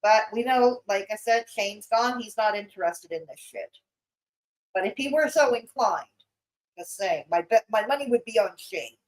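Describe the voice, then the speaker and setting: A woman's voice: medium pitch, normal speed, low-quality recording. A woman streamer giving blunt, mocking reaction commentary on a livestream.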